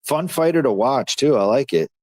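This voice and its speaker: Excitable man reacting to fights live. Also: mid-range voice, normal speed, no room sound. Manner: excitable, slangy, talks to chat as dude and bro. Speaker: livestream host.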